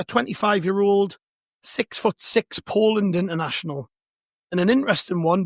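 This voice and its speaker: A hoarse, worn-out man with a raspy voice, hosting a podcast in a chatty, self-mocking, rambling way. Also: sits high, dry recording, clean studio sound. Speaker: podcast host. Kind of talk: casual chat.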